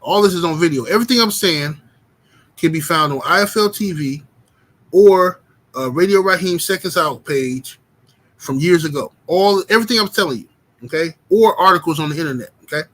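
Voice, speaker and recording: A man's voice: a little high, a little fast, fairly bright tone. A man hosting a boxing commentary livestream, arguing emphatically, greeting chat and often checking in with "right?". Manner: emphatic and argumentative, keeps asking "right?".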